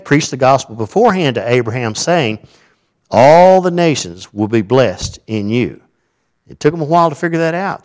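A man preaching a sermon in a conversational, animated way. He rises to loud, emphatic points, then drops to quiet asides. His voice sits in an ordinary middle range for a man. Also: medium pitch. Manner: animated, conversational preaching with big swings in loudness. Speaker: pastor.

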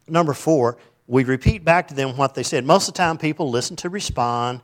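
A man preaching a sermon as pastor, animated, breaking into quoted voices and joking asides. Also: a little high.

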